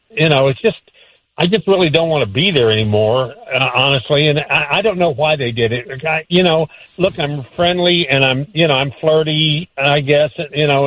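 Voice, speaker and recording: A man on a radio call, halting and evasive, full of ums and restarts. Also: a little high, a bit bright, no echo, low-quality recording. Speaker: caller on the phone. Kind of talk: evasive phone conversation.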